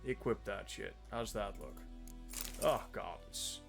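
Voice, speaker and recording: A man's voice: fairly low pitch, animated, slow, gravelly, a bit bright, faint music behind. A man from the Netherlands streaming a game live, joking about himself and swearing freely as he talks through his inventory. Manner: joking, self-mocking, swears often. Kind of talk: casual live gameplay commentary.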